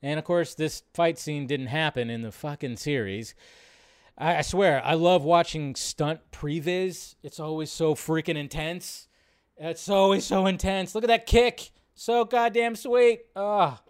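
A man hosting a casual livestream, reacting to posts in an excitable, profane, rambling way with many restarts. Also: a little high, measured pace, smooth, no room sound, studio quality. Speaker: livestream host.

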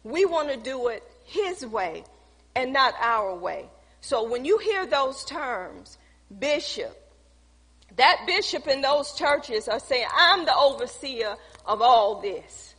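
High-voiced woman pastor preaching. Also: big pitch swings, takes it slowly, a bit bright, husky. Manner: storytelling, reenacting conversations, preachy emphasis. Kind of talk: sermon with personal testimony. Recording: long hall reverb.

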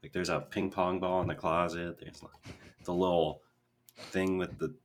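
A man's voice: sits low, level tone, normal speed, a little hiss or hum. A young man co-hosting a casual podcast, rambling through tangents with lots of fillers, from Minnesota. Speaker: podcast co-host. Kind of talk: casual chat.

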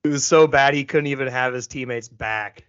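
A man's voice: medium pitch, normal speed, a bit bright. A man hosting a casual interview, an ex-football player who asks long, eager, rambling questions. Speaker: podcast host, former football player. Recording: dull lo-fi sound.

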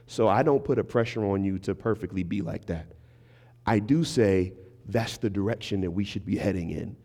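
A man delivers a sermon as a guest preacher, his voice low and mellow. He preaches in a relaxed storytelling way, speaking straight to the congregation. The sound carries a long reverb, as in a large church sanctuary. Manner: conversational storytelling, acting out quoted voices; engages the congregation with asides. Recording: reverberant hall.

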